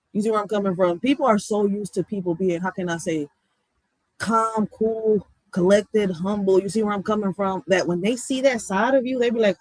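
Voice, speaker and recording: A woman from Philadelphia with a Philly accent, ranting bluntly and with a lot of swearing, going from loud outbursts to low muttering. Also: normal speed, no echo, poor audio. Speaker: vlogger. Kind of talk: heated profane rant.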